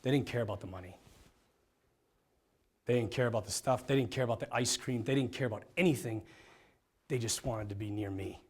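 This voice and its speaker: A priest giving a personal testimony to a group, animated and self-mocking. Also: male voice, mid-range voice, brisk, pauses often, slightly rough. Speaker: priest, vocation director.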